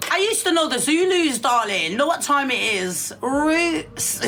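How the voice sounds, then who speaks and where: Brash swearing woman, bright voice. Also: high-pitched, big pitch swings, normal speed, faint music behind. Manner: brash and profane, calling everyone darling. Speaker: livestreamer. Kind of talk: casual rant on a livestream.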